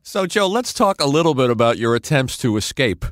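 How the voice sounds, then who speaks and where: A man co-hosting a podcast, steering the guest with brisk, leading questions. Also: mid-range voice, sing-song, dry recording. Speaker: podcast co-host. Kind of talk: interview questions.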